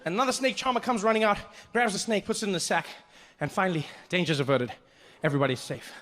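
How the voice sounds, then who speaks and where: Holding a stage mic in front of a live crowd, a male comic tells a story in a fast, high-pitched voice. He's animated, slipping into the characters as he goes.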